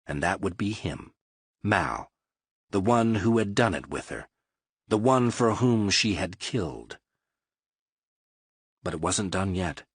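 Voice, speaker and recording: Lively, husky male audiobook narrator. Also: low voice, slow, pauses often, dry recording. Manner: expressive storytelling read. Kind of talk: scripted narration.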